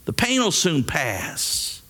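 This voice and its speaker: A man playing a patient stranger who lit a fire, speaking softly and slowly. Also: on the high side, wildly swooping pitch, voice pushed up, exaggerated voice. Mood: coaxing. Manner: soft, slow, coaxing. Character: gentle male stranger, a patient firelighter.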